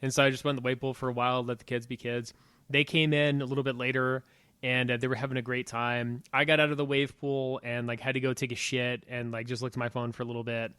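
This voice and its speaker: Casual storytelling podcast dad. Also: male voice, medium pitch, fast, clear, resonant tone, dry recording. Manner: animated, swears casually. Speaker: podcast co-host.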